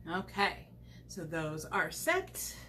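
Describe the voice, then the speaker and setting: A woman's voice: fairly low pitch, very animated, slow, bright, forceful tone, a little hiss or hum. A woman chatting casually while demonstrating a craft on a livestream, rambling with many fillers, recorded at home on the camera mic.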